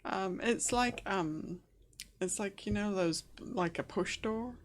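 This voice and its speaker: A woman's voice: mid-range voice, slow. A woman running a tabletop game as game master, describing scenes hesitantly with many fillers and restarts.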